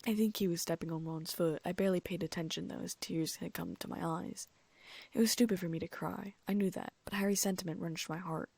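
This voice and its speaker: A woman's voice: lowish voice, steady tone, brisk, creaky, a little mellow, husky, no room sound. A woman reading a fan-fiction audiobook aloud in first-person narration. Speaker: audiobook reader.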